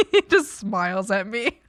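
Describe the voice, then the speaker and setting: A woman streaming on her own, talking loosely as she works on a drawing. Her voice sits in a middle pitch, and it sounds close and dry with no room around it. She rambles through long stories full of "like" and breaks into giggles often. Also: very animated, slow, dry recording. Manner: rambling, giggly, filler-heavy with lots of "like". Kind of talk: casual chat while drawing.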